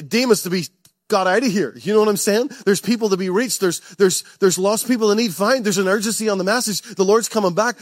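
A man's voice: sits high, dry recording, clean studio sound. A man preaching a passionate sermon to a church, repeating phrases and chuckling often. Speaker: pastor.

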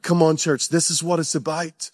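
A man's voice: a little high, little pitch movement, moderate pace, dry recording, studio quality. A man preaching a passionate sermon to a church, repeating phrases and chuckling often. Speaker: pastor.

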